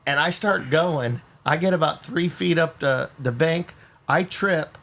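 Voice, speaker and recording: A man from California, hosting a podcast and telling a lively story, often repeating words as he gets going. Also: on the high side, unhurried. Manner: animated, repeats words when excited. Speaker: podcast host. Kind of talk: casual storytelling.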